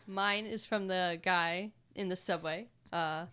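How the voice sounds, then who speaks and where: A woman's voice: lowish voice, steady tone, takes it slowly, sharp tone, clear, resonant tone. A woman co-hosting a casual movie podcast, making dry jokes. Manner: dry, jokey. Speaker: podcast co-host.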